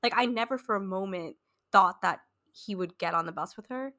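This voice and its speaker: A woman's voice: mid-range voice, moderate pace, sharp tone. Earnest rambling woman. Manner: earnest, rambling, many "like" fillers. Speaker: podcast panelist. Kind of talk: casual film discussion.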